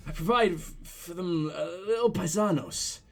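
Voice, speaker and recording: A man voicing a sleazy, surly male drug dealer with a gruff, clumsy put-on accent, swearing and chuckling. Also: high-pitched, normal speed.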